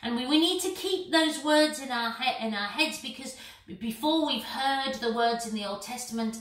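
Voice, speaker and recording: A woman from England telling a Bible story simply for a church video, with slow, dramatic pauses. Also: fairly high pitch, fairly bright tone. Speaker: church minister. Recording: roomy, distant mic.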